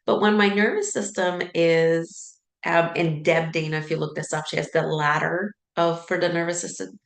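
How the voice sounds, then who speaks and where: A woman's voice: low-pitched, fairly even intonation, moderate pace, echoey room. A woman sleep coach talking casually, explaining ideas and acting out worried thoughts, with lots of "like" and "right?". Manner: conversational, acts out inner thoughts with filler "like" and "right?". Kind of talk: casual teaching talk.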